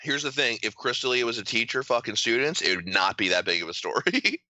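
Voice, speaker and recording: Bright-voiced young man, lively storyteller. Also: medium pitch, brisk, no room sound, poor audio. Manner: animated storyteller, acts out quotes in voices. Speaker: podcast co-host. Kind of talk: casual chat.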